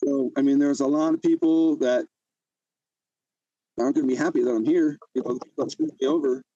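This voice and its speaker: A man's voice: medium pitch, steady tone, a little fast, warm tone, no room sound, highs cut off. An older man telling his own story in an emotional interview, agitated and often repeating himself. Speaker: interview guest.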